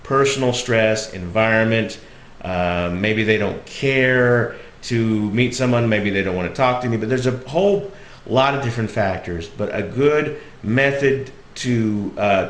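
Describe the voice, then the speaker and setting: A man with a Southern US accent telling a personal road story in a relaxed, reflective way with frequent fillers. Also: fairly low pitch, moderate pace. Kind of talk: casual storytelling monologue. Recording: echoey room.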